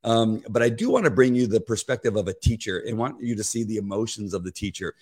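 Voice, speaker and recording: A man's voice: fairly low pitch, lively intonation, quick pace, darkish tone. Earnest rambling man host. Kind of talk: casual spoken commentary.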